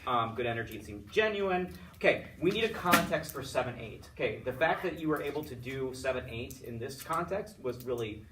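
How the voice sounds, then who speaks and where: A man's voice: medium pitch, fairly bright tone, slight background noise. Upbeat male choral teacher, heard from a distance. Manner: chatty, upbeat, full of fillers and restarts; sings solfege and chants rhythm words to demonstrate. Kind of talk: feedback after a student lesson.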